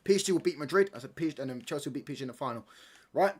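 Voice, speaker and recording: A man's voice: a little high, lively intonation, very fast. A young man hosting a live football watchalong, rambling and arguing back at his chat in casual slang. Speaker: livestream watchalong host.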